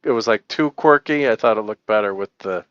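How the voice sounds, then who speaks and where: A man's voice: lowish voice, a little fast, a bit bright, smooth, no echo. Chuckling middle-aged man, dry dull sound. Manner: chuckling, rambling, lots of laughter. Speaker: host. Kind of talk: casual live-stream chat.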